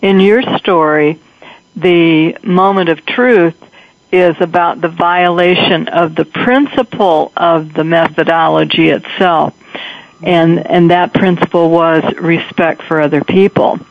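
A woman appearing as a guest on a radio talk show, explaining a work method in a measured way with some fillers. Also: on the low side, no echo, dull audio. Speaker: guest consultant.

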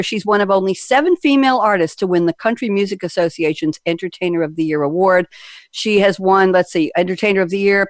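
A woman's voice: on the low side, no room sound. A woman hosting a business talk radio show, chatty and enthusiastic, stacking up long lists as she introduces things. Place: remote call with panelists.

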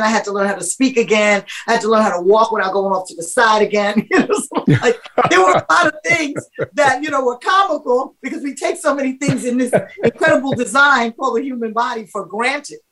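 A middle-aged woman, a singer and guest, telling stories in a casual interview, animated and laughing often. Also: on the high side, a little fast, rough recording.

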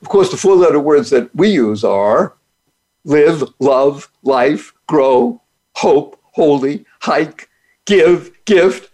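Male show host, upbeat motivational speaker, playful wordplay, pitched a touch high. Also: expressive, slow, dark tone. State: speaks despite paralysis from a rare disease. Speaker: podcast host. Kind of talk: motivational monologue.

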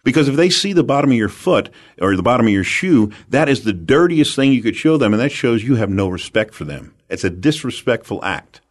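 A man from the United States, an animated and emphatic storyteller, giving sales advice as an interview guest. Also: medium pitch, brisk, hardly any pauses.

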